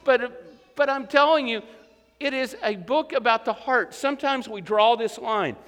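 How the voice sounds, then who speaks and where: A high, bright-voiced man preaching in a church sanctuary. He speaks earnestly and rises to emphatic peaks. His voice rings out with a long hall reverb. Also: measured pace. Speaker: pastor. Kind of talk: sermon.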